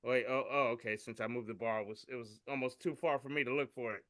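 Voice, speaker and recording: A man's voice: mid-range voice, steady tone, fast talker, fairly bright tone, no room sound, clean studio sound. A man co-hosting a podcast, reading memes aloud in casual chat and tripping over his words with a giggle. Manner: stumbling, giggly reading with tongue slips. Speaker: podcast co-host.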